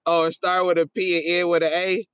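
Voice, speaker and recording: A man's voice: high voice, little pitch movement, brisk, a bit bright, clean tone, dry recording, studio quality. Joking, profane male livestream host. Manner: loose, joking, profane, trails off into mumbling. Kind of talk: casual livestream chat reading viewer comments.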